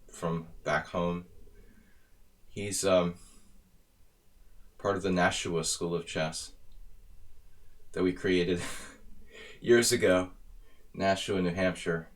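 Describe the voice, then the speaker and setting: A man's voice: deep voice, steady tone, slow, long pauses. An American man from near Philadelphia, streaming live blitz chess commentary, thinking aloud about moves with wry asides. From near Philadelphia, USA.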